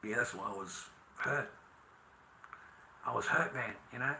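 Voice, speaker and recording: An Australian man rants to camera in a bitter, swearing monologue. His voice is bright and sharp. He lurches from angry outbursts down to low, resentful muttering. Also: unhurried, gravelly, a little hiss or hum, low-quality recording. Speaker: vlogger.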